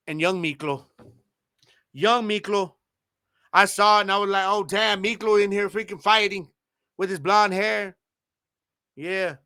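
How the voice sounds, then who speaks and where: Bright, high-voiced man chatting casually. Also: no echo, studio quality. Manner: laid-back slangy banter, laughs often. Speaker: podcast host. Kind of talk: casual chat.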